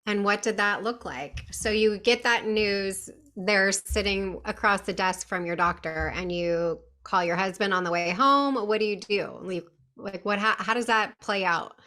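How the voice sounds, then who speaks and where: Bright empathetic woman host. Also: medium pitch. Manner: empathetic, quick follow-up questions. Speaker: podcast host. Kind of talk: interview questions.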